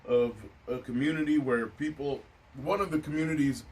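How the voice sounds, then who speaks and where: A man's voice: fairly high pitch, normal speed, darkish tone. A man hosting a casual chat, musing in a laid-back way with many filler phrases. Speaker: podcast host. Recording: distant mic with faint noise.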